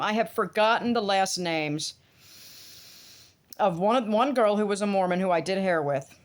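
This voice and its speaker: A woman's voice: mid-range voice, normal speed. A middle-aged woman from the United States ranting casually to camera, swearing freely. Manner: animated, swearing, talks to her dogs in between. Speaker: vlogger.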